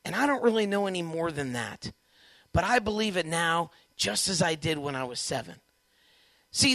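A man giving a lively testimony talk to young Catholics, acting out quoted dialogue with big swings in pitch and volume. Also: dry recording. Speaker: Catholic speaker addressing young people.

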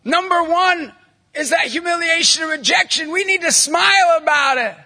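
A middle-aged man, a Catholic evangelist, preaching energetically to a live audience, telling jokey stories and bursting into loud emphasis. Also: extremely high pitch, normal speed. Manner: punchy, jokey storyteller, bursts into shouting emphasis. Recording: long hall reverb from a large venue.

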